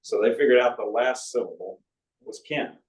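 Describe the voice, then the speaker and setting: Speaking at a moderate pace in a mid-range voice, a man in his 60s gives a book talk in an arts center auditorium. His storytelling is folksy and anecdotal, peppered with asides, and the audio sounds roomy and far off.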